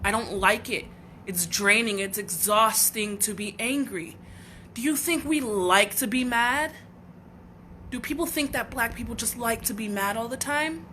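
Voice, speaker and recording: A woman's voice: fairly high pitch, a little slow, pushed and bright, a little hiss or hum. A woman from the United States hosting a livestream, talking in a raw, earnest and heartfelt way, often breaking off and restarting her sentences. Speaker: livestream host. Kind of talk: emotional personal livestream talk.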